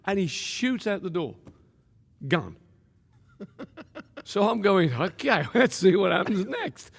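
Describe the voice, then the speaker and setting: Gravelly pastor telling a story. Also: male voice, sits high, slow. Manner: lively, laughing often, acts out quotes. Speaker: pastor and guest. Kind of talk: animated storytelling. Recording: long room reverb.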